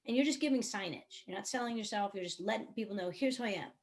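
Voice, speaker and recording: Woman, mid-pitched voice, earnest coach, explaining on a video call panel. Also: quick pace. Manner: earnest, explanatory, uses everyday analogies. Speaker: songwriter, producer and coach. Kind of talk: panel discussion.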